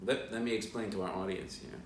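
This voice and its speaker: Host: lower-pitched chatty man telling stories, heard a little off-mic in an echoey room. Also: fairly quick. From moved from Boston. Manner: chatty storyteller, animated asides. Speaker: guest house owner and host. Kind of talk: casual talk to camera. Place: large suite indoors. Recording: roomy and somewhat distant with background noise.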